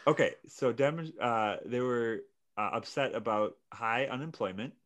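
A man's voice: mid-range voice, a little slow, fairly bright tone. A man co-hosting a casual podcast, telling a story in a laid-back, hesitant way with many fillers. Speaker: podcast co-host. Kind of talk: casual chat.

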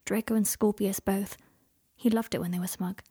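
A woman softly reading a romance story aloud in a hushed, narrating voice. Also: medium pitch, steady tone, normal speed, husky. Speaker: reader. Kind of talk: fan fiction audiobook reading.

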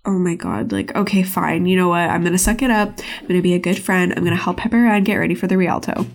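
A woman voicing a dramatic, exasperated preteen cartoon girl who swears in quick bursts. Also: lowish voice, lightly acted.

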